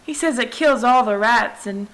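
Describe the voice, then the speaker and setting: A woman's voice: on the high side, moderate pace, fairly bright tone, poor audio. A woman reading a storybook aloud, voicing a polite, eager young girl who chatters on. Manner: eager, well-mannered chatter.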